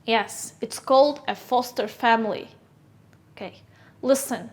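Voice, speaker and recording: Woman, English teacher, first language Kyrgyz, high voice, slow deliberate classroom drilling. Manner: slow, clear teacherly drilling with question and answer. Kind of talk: classroom vocabulary lesson.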